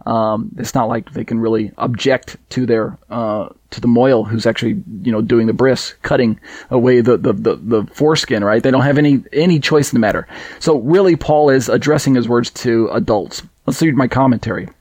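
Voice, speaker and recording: A man's voice: medium pitch, fairly quick, a little mellow, no echo. A man teaching a Bible study lesson, explaining verses with rhetorical questions and frequent restarts. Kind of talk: recorded Bible study lecture.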